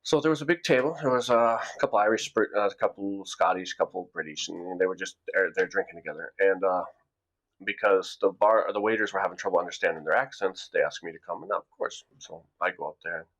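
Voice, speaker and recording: Gravelly low-voiced middle-aged American man. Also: fast talker, fairly bright tone. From United States. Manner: rambling, repeats words and restarts. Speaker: vlogger. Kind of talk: casual storytelling monologue. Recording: dull lo-fi recording.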